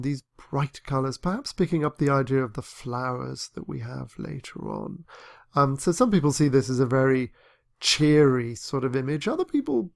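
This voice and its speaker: Guy teaching a poetry class, gravelly voice, lots of ums and restarts, dry close sound. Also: medium pitch, darkish tone, dry recording. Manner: thoughtful, hesitant, many fillers and restarts. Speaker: literature teacher. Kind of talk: lecture on poetry.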